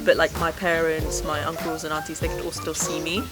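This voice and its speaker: A young woman hosts a casual podcast chat and tells her story with lively energy. She laughs often and acts out the voices of the people in it. Music plays underneath. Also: deep voice, a little fast. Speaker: podcast host.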